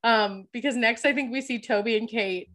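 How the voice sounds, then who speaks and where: A woman's voice: on the high side, normal speed. A woman co-hosting a podcast, chatting casually about a TV episode and acting out lines with lots of laughter. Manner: animated, giggly, acts out quotes. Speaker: podcast co-host. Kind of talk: casual chat recapping a TV episode. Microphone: podcast microphone.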